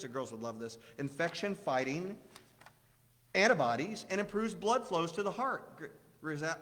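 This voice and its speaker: A man's voice: high-pitched, a bit bright, long reverb tail. A man preaching a conversational sermon to a congregation in a church, often asking them questions.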